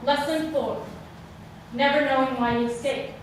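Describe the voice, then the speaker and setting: Young woman, solo stage monologue, dramatic hushed-to-shouting delivery, high voice, echoey hall, distant mic. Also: steady tone, moderate pace, background noise. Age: young adult. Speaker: student performer. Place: theater stage, live audience hall.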